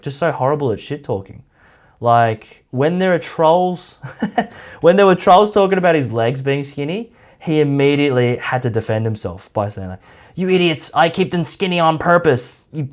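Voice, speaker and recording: A man's voice: medium pitch, a little mellow. A man giving a casual, rambling commentary, full of "like" and mocking asides. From Australia. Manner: rambling, heavy use of "like", mocking. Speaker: YouTube commentator.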